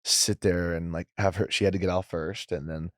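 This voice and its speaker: A young man talking as a podcast guest in a rambling, casual way, saying "like" a lot and quoting others in lively voices. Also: sits low, normal speed, no echo, studio quality. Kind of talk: casual interview chat.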